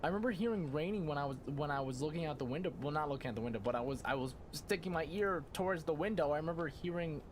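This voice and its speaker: A man's voice: fairly high pitch, racing, few pauses, slight background noise. A young man giving goofy, easily startled commentary while playing a game and talking back to it. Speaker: gaming youtuber. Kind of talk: casual gameplay commentary.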